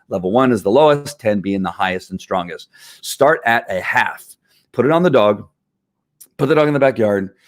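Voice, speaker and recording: A man's voice: lowish voice, dry recording, studio quality. A man explaining dog training in a casual, emphatic way, now and then imitating barking dogs.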